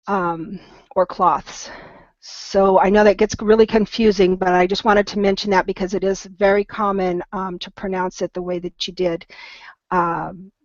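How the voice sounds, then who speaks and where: A woman teaching an online English lesson, patiently correcting pronunciation and slowing down to model words. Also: medium pitch, darkish tone, dry recording. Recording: dull, slightly lo-fi sound.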